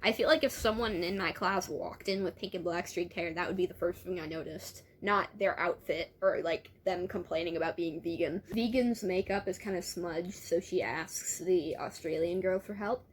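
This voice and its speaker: A woman's voice: lowish voice, moderate pace, few pauses, slight background noise. Amused young woman reading and commenting. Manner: chatty, amused, laughs often and interrupts her own reading. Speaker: book reviewer.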